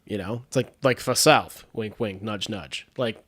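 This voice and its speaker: A man's voice: lowish voice, a little slow, fairly bright tone. A man hosting a podcast in casual chat, with congested sinuses, rambling and restarting his sentences with frequent laughs. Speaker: podcast host.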